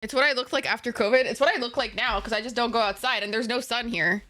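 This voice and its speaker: A woman's voice: fairly high pitch, fast, sharp tone. A young woman from Egypt streaming a game and chatting casually with viewers, playful and giggly, swearing freely and using slang.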